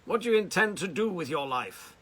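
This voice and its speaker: A man's voice: high voice, animated, a little fast, breathy edge, voice pushed up, full character voice. A man doing a commanding old colonel. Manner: firm, commanding, shouting others down. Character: tiny commanding old male colonel in a wheelchair.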